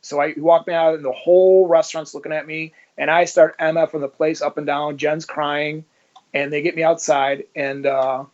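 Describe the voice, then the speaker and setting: A man's voice: on the high side, flat delivery, moderate pace, darkish tone. A man telling his story as a guest in casual, blunt talk, swearing freely and acting out the dialogue he quotes. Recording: dull lo-fi audio.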